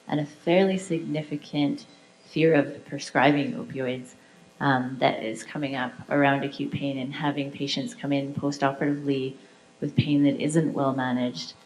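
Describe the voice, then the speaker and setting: A woman doctor on a conference panel speaks in an unusually deep voice. She is precise and clinical, and faint background noise sits under her words. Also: steady tone, moderate pace, darkish tone, rough recording. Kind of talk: panel discussion.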